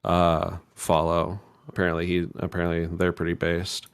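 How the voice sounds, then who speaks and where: A man reading out chat messages in a halting way, stumbling over words. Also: low voice, monotone, smooth. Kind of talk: casual chat.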